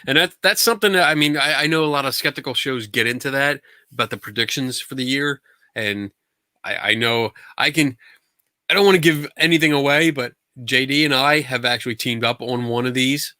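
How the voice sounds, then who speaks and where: A man hosting a casual podcast chat with a guest, relaxed and joking with quick asides. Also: medium pitch, no room sound. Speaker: podcast host.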